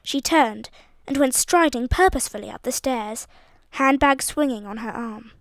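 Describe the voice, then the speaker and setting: A woman with a fairly high voice reads a story aloud with expressive, lively delivery. The sound is close and dry, with no room around it. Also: moderate pace, no room sound. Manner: expressive, voices each character. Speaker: audiobook narrator. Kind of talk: storytelling narration.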